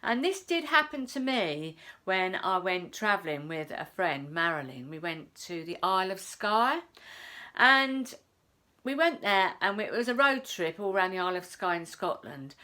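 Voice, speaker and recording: Chatty woman with a lively voice. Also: mid-range voice, moderate pace. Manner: chatty, repeats phrases, says "I says". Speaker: self-help vlogger. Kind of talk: casual storytelling to camera.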